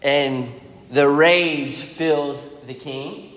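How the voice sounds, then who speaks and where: A man teaching a Bible lesson, retelling the story casually and acting out the characters' lines with lively energy. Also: a little high, very slow, long reverb tail.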